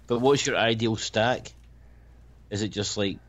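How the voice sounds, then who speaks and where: Low-voiced man with dry quips. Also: measured pace, a bit bright, dull audio. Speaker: podcast commentary co-host. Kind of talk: casual movie commentary chat.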